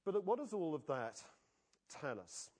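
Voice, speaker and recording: Man preaching a lively, chatty sermon, fairly high voice, often turns questions on the congregation. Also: normal speed. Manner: animated, conversational, asks the congregation questions. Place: church.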